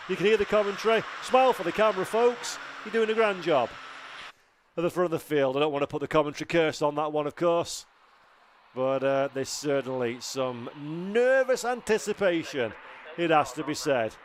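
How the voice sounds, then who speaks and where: A man giving live motor racing commentary from a commentary box at the circuit, building excitement toward the finish. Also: on the high side, noisy background. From Britain. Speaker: race commentator.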